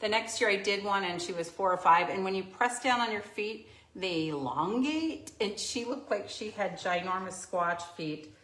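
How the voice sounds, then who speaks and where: A woman's voice: medium pitch, lively intonation, normal speed, hardly any pauses, a bit bright. A woman hosting a live painting tutorial indoors, chatty and self-deprecating, laughing easily as she explains her steps. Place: indoor craft studio under filming lights. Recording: roomy echo, faint noise.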